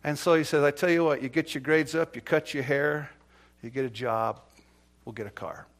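A middle-aged man preaching a sermon, telling stories from his time as a police negotiator, dropping to a low confiding tone and then building to loud, rising exhortation. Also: steady tone, normal speed. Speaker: pastor, former police negotiator. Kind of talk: sermon with storytelling. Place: church.

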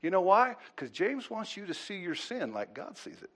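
A man's voice: sing-song, normal speed. Dynamic man preaching a sermon. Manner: dynamic preaching that swings from loud urgent pleading to low hushed asides; repeats words as he restarts. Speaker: pastor.

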